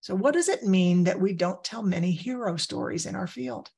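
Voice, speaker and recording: A woman's voice: mid-range voice, normal speed, gravelly, dark tone, husky. A woman trainer giving a conversational training presentation on crisis care, telling personal anecdotes along the way.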